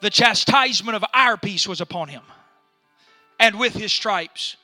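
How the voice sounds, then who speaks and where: A male pastor preaching a fiery sermon, shouting often and filling nearly every pause with "uh". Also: sits high, no echo, faint music behind. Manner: fiery preaching with constant "uh" fillers.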